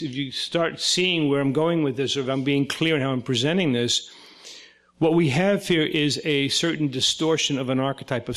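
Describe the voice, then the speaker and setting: A man's voice: medium pitch, a bit bright. An older man from Brooklyn, a psychoanalyst giving a talk and retelling a story, acting out the quoted voices. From Brooklyn, New York. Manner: conversational, acts out quoted voices. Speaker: psychoanalyst lecturer.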